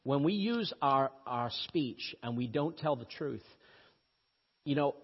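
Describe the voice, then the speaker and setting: A man from Brazil with a slight British-tinged accent, preaching a sermon in a storytelling way with sudden rises in pitch for emphasis. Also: lively intonation, slow pace, breathy edge. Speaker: pastor. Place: church. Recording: dull lo-fi audio with long church reverb.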